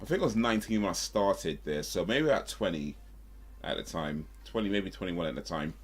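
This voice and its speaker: Man, deep voice, casual streamer, rambling storytelling, self-correcting. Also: lively intonation, brisk, slightly rough. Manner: rambling, self-correcting, with frequent fillers and asides.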